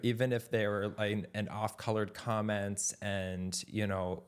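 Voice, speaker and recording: A young adult man co-hosting a podcast, talking in a reflective, measured way in casual chat. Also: fairly low pitch, level tone, clean tone. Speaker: podcast co-host.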